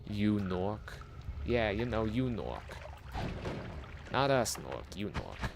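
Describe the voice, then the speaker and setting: A man plays a tough New York mobster who talks in short, threatening bursts. The voice sits low with a gravelly edge. He swings from a mutter to a sharper bark. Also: big pitch swings, takes it slowly, noisy background, heavily acted. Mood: menacing.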